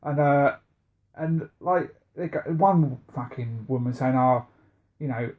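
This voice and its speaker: A man's voice: medium pitch, slow, a little mellow. A man co-hosting a podcast in casual, blunt, sweary chat. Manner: sweary, blunt, laughs often. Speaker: podcast co-host.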